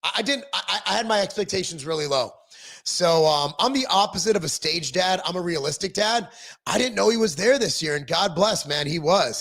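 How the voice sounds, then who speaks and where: High-voiced middle-aged man chatting live. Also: vocal fry, a bit bright. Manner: rambling, self-deprecating, frequent ums and restarts. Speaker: livestream host reading viewer comments. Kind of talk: casual livestream chat.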